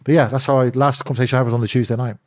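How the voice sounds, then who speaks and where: Animated storytelling man. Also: medium pitch, racing. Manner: animated storyteller, acts out phone calls. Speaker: interview guest, former bodyguard. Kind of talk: candid storytelling in an interview.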